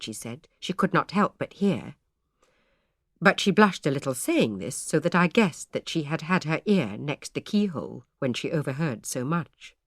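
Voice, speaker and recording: Woman narrating, lively old-style storytelling. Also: low voice, no echo, clean studio sound. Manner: measured storytelling in old-fashioned speech. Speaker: audiobook narrator. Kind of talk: scripted narration of a historical novel.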